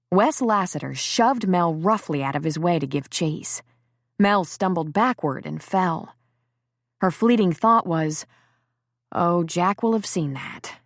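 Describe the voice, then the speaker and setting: A woman narrating a novel in a steady, measured audiobook reading. Her voice sits a little low. The recording is dry and close, with no room sound. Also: dry recording. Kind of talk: scripted narration.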